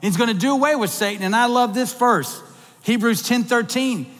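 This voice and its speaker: A middle-aged man, a minister, preaching a sermon in a church and building to animated, excited emphasis. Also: extremely high pitch, moderate pace, in a large hall. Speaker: minister on staff.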